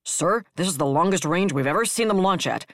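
A man's voice: sits high, expressive, fairly quick, a bit bright, no room sound, studio quality. The narrator voicing a worried male operations officer briefing his admiral aboard a warship, in a sci-fi audiobook. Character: tense male starship ops officer.

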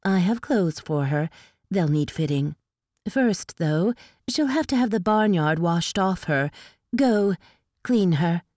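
A woman's voice: on the low side, expressive, slow pace, darkish tone, no room sound, clean studio sound. A woman reading the part of a haughty, disdainful female elf courtier in a storybook. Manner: disdainful, chiding.

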